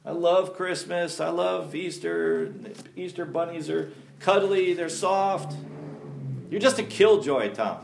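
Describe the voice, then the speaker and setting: A man's voice: on the high side, very animated, slow, gravelly, noisy background, full character voice. A whiny churchgoer man pleads in a raised, aggrieved voice, as a preacher puts him on. He sounds hurt and put out. The sound carries a roomy echo. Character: whiny churchgoer man defending his holidays.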